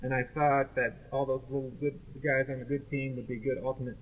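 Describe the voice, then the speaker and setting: A man's voice: mid-range voice, level tone, a little fast, slight background noise, low-quality recording. A man co-hosting a casual podcast, rambling through jokey film comments with lots of fillers. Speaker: podcast co-host.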